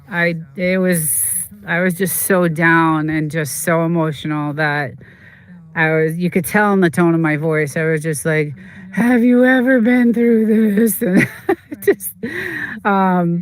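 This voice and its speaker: A livestream host in casual chat who tells rambling, halting stories full of fillers and answers chat comments. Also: medium pitch, clear, resonant tone. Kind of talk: casual chat while streaming a game.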